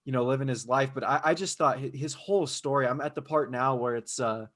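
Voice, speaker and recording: A male podcast co-host retelling a story in loose, casual chat. He rambles, restarts his sentences and leans on filler phrases. His voice sits at an average pitch. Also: fairly quick, a bit bright. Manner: rambling, with frequent restarts and "you know".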